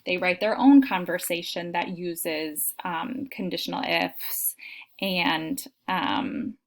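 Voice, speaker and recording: A woman's voice: fairly low pitch, animated, takes it slowly. A woman giving a recorded lecture on teaching, explaining steps with frequent fillers and spoken examples. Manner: explanatory, frequent ums, demonstrates intonation aloud. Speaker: teacher trainer.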